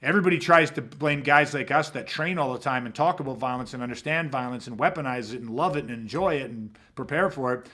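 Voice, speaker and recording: A man's voice: medium pitch, quick pace, hardly any pauses, bright, forceful tone. A man hosting a podcast, talking in a blunt, emphatic, profane way. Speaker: podcast host. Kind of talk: casual podcast talk.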